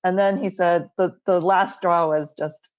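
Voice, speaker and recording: The guest is a middle-aged woman architect recounting her life casually over a remote interview from home, her talk full of "like" and "right?" tags. She speaks a little slowly in a fairly low, slightly mellow voice with fairly even intonation. The recording has its highs cut off.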